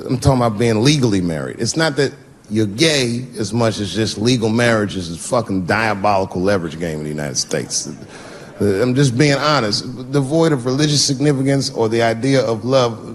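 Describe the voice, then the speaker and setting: A man's voice: mid-range voice, moderate pace, slight background noise. Middle-aged male stand-up comic telling a story. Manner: storytelling, acts out both sides of phone calls, swearing freely. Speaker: stand-up comedian. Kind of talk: stand-up comedy set. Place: comedy stage with live audience laughing.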